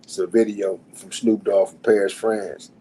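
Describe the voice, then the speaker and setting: A middle-aged man, a podcast guest, telling stories in a loud, profane, animated way and acting out the people he quotes. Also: on the low side, moderate pace, slight background noise, low-quality recording. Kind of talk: casual storytelling.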